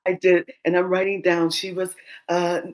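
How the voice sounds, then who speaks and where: Low-voiced woman telling a lively story. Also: moderate pace. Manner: lively storyteller who acts out the dialogue and laughs. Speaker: doula and guest. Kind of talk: casual storytelling interview.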